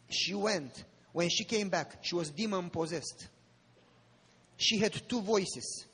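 A man preaching a sermon, telling a personal story with drama and rising to fervent appeals in a husky voice. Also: high-pitched, takes it slowly, sharp tone. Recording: long reverb of a large hall.

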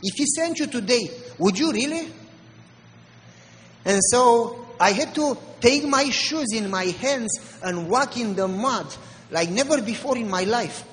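A man with a Romanian accent, a pastor preaching an animated storytelling sermon with mimicked voices. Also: extremely high pitch, unhurried, in a large hall, a little hiss or hum, poor audio.

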